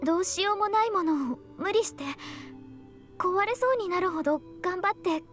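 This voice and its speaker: A woman voicing an earnest, shy schoolgirl in a visual novel, speaking gently and politely as she pleads with a friend. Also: extremely high pitch, rapid-fire. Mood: pleading. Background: game music.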